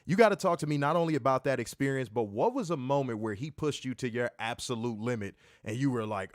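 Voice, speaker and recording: A man's voice: mid-range voice, lively intonation, quick pace, hardly any pauses, no room sound, clean studio sound. A man hosting an interview, hyping his guest up in a playful, repetitive patter. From not from the South, city raised. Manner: playful hype-man patter, repeats himself. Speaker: interview host. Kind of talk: hyped casual interview.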